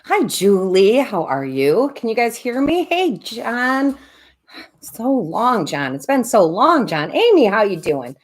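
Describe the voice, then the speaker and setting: A woman's voice: on the high side, big pitch swings, slow. A middle-aged woman chatting casually on a live stream, greeting viewers by name and laughing often. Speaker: tarot reader and medium hosting a live stream.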